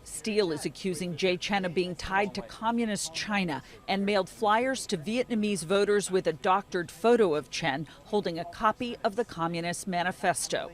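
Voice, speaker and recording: A woman reporter giving steady, scripted news narration. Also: mid-range voice. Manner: steady, measured delivery.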